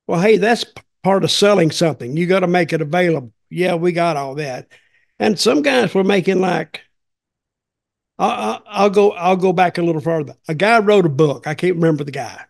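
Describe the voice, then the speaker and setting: A man's voice: a little high, normal speed, vocal fry. An older man hosting a podcast, telling folksy, rambling stories in casual chat. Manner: rambling, folksy, repeats himself. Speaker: podcast host.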